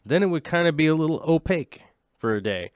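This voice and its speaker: A man's voice: on the high side, animated, fast talker, clean tone, no echo, clean studio sound. A man in his late thirties hosting a casual aquarium livestream, rambling and joking with his viewers. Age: late 30s. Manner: rambling, jokey, chats with viewers.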